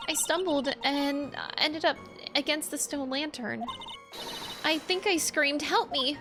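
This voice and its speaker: A woman's voice: high-pitched, takes it slowly, voice pushed up. A woman voicing a frightened young woman witness who stammers and pleads in a video game. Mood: recalling. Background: game music.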